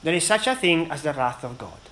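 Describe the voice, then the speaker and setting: A man preaching a sermon in an earnest, emphatic way, with dramatic pauses between phrases. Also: fairly high pitch, expressive, fairly bright tone, low-quality recording.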